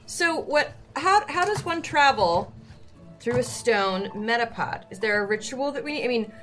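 Curious woman player, high voice, bounces all over the place, bit of music. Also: normal speed. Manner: curious, lively questioner. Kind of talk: live tabletop game chat.

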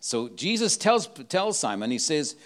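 A man's voice: fairly high pitch, big pitch swings, a little slow, a bit bright. A man with an accent preaching a sermon, emphatic and full of rhetorical questions. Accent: non-local accent.

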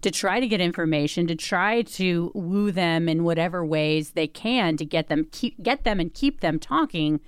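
A woman's voice: lowish voice, moderate pace, few pauses, clean tone, no echo, clean studio sound. A woman co-host chatting casually, thinking aloud with small restarts. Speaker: podcast co-host. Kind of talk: casual chat.

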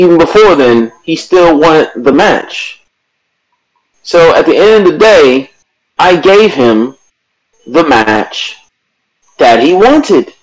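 Ranting higher-voiced man on a podcast. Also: poor audio. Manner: ranting, stammering restarts, swearing. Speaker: podcast co-host. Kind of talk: casual chat.

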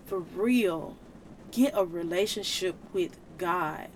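This faith podcast host has a lowish voice and a slow pace, preaching with earnest emotion and everyday slang. She's tearful now and then, and the recording carries a faint hiss or hum.

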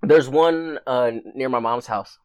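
A young man co-hosting a casual podcast, making quick, joking remarks. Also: medium pitch, a little mellow, smooth, dull audio. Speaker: podcast co-host. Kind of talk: casual chat.

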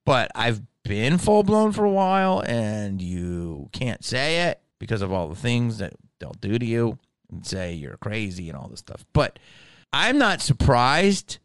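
A man hosting a comedy podcast, delivering a profane, animated solo monologue and slipping into impressions. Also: mid-range voice, a little slow, dry recording. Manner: slips in impressions.

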